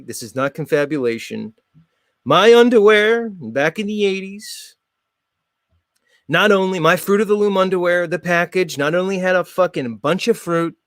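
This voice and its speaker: A man hosting his show in a sarcastic, mock-formal monologue, jumping between loud jabs and muttered asides. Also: on the high side, no room sound, clean studio sound. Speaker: show host. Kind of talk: sarcastic monologue reacting to a clip.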